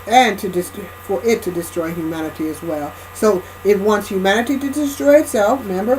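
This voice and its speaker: A woman with a voice of ordinary pitch delivers a loose, rambling spiritual lecture. She stresses her points hard, restarts sentences and repeats phrases, and keeps checking in with her listeners. A faint hum sits under her voice. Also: a little mellow, low-quality recording. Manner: emphatic, repeats phrases and restarts often, checks in with "right?" and "okay?". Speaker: spiritual speaker.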